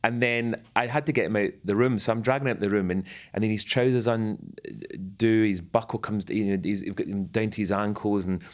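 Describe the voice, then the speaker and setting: A middle-aged man, a former butler, tells an anecdote in a relaxed chat, laughing often as he goes. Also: fairly low pitch, a little fast, hardly any pauses. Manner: lively storyteller who laughs often. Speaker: former royal butler guest.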